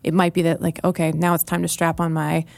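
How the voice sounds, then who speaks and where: A woman's voice: sits low, monotone, fast, creaky, darkish tone, dry recording. A woman chatting casually on a podcast, thoughtful and hesitant, with many fillers. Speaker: guest character creator.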